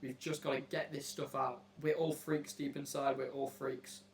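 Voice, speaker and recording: A man's voice: mid-range voice, little pitch movement, normal speed, vocal fry, slight background noise. A man hosting a casual chat with strangers, joking in a brash, mock-serious way and swearing freely. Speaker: host asking strangers on a video chat app.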